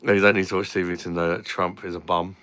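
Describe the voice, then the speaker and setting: A man's voice: sits low, level tone, fast, a bit bright, clear, resonant tone. A young Englishman hosting a casual live stream, chatting and joking with viewers as he reads their comments. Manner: chatty and jokey, swears casually.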